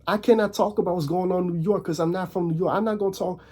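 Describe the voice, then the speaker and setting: A man's voice: high voice, fairly even intonation, fast, dark tone, breathy edge. A man from the Netherlands ranting casually on camera, repeating himself and firing rhetorical questions. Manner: repetitive, restarts often, asks rhetorical questions. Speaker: commentary vlogger. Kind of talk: casual rant.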